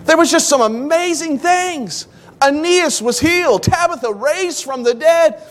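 A man's voice: very high-pitched, lively intonation, a little slow. A man in his thirties preaching a sermon in church, telling the story with animation and acting out the voices of the people he quotes. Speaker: pastor.

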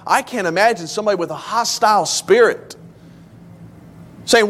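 A man's voice: high-pitched, lively intonation, moderate pace. A man in his thirties preaching a sermon in church, telling the story with animation and acting out the voices of the people he quotes. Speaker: pastor.

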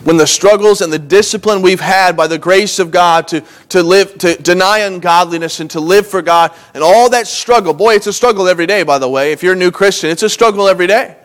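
Young male pastor, earnest conversational sermon delivery, voice a little higher than most men's. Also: a little fast, few pauses. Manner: earnest, conversational preaching with frequent restarts and lively emphasis.

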